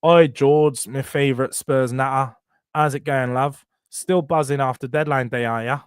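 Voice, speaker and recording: A man's voice: mid-range voice, fairly even intonation, normal speed, smooth, no echo, clean studio sound, natural voice. A man reading a viewer's comment in the put-on voice of a teasing female football fan. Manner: teasing, mock-affectionate. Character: chatty female London Spurs fan, teasing.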